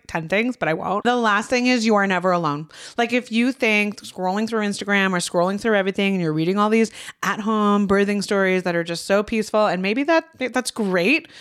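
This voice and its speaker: Woman host, 30s, casual podcast chat, emotional and profane, clear polished tone. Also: mid-range voice. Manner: heartfelt, swears freely, near tears.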